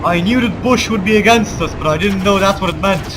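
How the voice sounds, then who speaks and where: High-voiced man, put-on American accent. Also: a little fast. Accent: forced American over a Balkan one. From Balkans. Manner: mock-grandiose war speeches with wry asides. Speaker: let's play gamer. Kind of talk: gameplay commentary. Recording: loud game sounds under the voice. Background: game ambience and vehicle noise.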